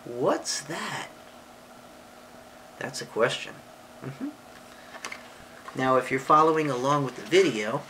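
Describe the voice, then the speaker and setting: A woman reading a picture book aloud to a child and explaining punctuation, patient and affectionate, with sudden high excited voices for exclamations. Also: a little hiss or hum, poor audio. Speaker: parent or relative reading to a child.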